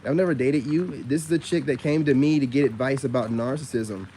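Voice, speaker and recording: A man giving a casual monologue to camera about narcissism, loose and full of slang, who jumps sharply up in pitch when he gets indignant. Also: fairly quick, warm tone, a little hiss or hum. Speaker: online commentator on narcissism.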